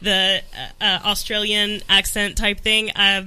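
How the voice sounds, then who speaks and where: A woman's voice: medium pitch, level tone, measured pace, bright, forceful tone, clean tone. A woman chatting as a guest on a radio show, laughing often and restarting her sentences. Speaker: guest, pizzeria owner. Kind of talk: casual radio chat.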